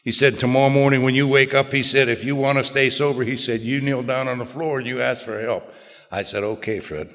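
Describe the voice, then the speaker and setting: An older man telling a plainspoken personal recovery story to a group, in a folksy way with quiet low asides. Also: fairly even intonation, brisk. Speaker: recovery speaker. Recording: long hall reverb.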